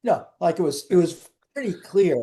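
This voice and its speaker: A man's voice: sits high, animated, normal speed, warm tone. An older man, a guest in an interview, telling wry, rambling anecdotes with frequent restarts.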